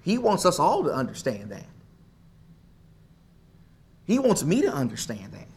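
Emphatic high-voiced male preacher. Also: huge pitch swings, unhurried. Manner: emphatic, repeats phrases for stress. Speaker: pastor. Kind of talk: sermon.

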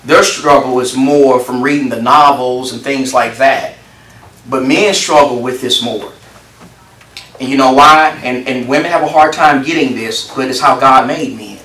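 A man's voice: medium pitch, steady tone, unhurried, sharp tone. A man preaching a sermon to a congregation. He talks emphatically, repeats phrases for stress and puts questions to his listeners. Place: large hall with a congregation. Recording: roomy echo, distant mic.

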